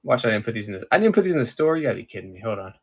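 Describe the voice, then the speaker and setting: A man's voice: lowish voice, big pitch swings, rapid-fire, slightly rough. A man from Maryland running a live-stream collectibles auction, chatting casually with viewers while he sorts through items.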